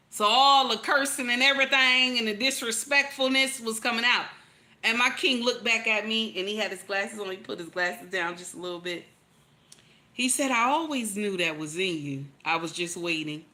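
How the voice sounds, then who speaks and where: A woman's voice: a little high, pushed and bright. A woman, giving casual, preachy relationship commentary, emphatic and repetitive, calling out to her listeners. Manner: emphatic, repeats lines, calls out to listeners.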